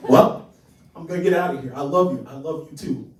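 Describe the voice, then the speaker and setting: A man's voice: fairly high pitch, a little fast, reverberant, recorded from a distance. A man hosting a comedy showcase, upbeat as he thanks the performers and the room. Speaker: show host. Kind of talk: closing announcement.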